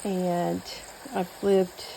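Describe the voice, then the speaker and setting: Her voice runs on the low side, level and gravelly, stretching out her words over heavy background noise. She's a cooking vlogger from New Mexico, raised largely in Texas, whose Southern-accented kitchen chatter rambles with many fillers and restarts.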